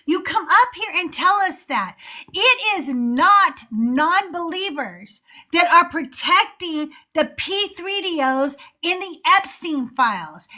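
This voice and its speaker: A woman hosting a call-in stream, talking casually and ranting heatedly with plenty of swearing. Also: very high voice. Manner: heated, profane, animated rants. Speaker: host of a call-in show. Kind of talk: casual livestream chat.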